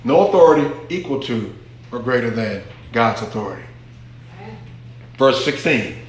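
A man's voice: mid-range voice, lively intonation, normal speed. A man preaching a teaching sermon, repeating key phrases emphatically and drawing answers from the congregation. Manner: repetitive, emphatic teaching with call-and-response. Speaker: pastor. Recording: very echoey hall.

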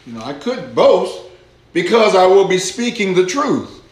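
A man preaches at a very slow, deliberate pace, lifting his voice with emphasis as he reads scripture aloud. His voice sits a little high for a man. The sound rings with the echo of a church room. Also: big pitch swings. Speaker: pastor. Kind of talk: sermon. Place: church hall.

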